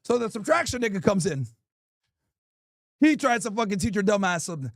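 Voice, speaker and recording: A man's voice: high voice, big pitch swings, fairly quick, no room sound, studio quality. A male host doing an improvised comedy roast, crude and mocking, hurling insults.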